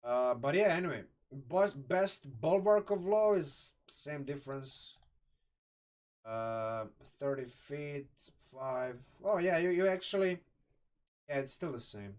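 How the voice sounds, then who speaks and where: Croatian man, casual stream host, excitable rambler who swears, slightly high voice. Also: takes it slowly, recorded from a distance. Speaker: live streamer reviewing a game sourcebook. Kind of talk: casual live-stream commentary.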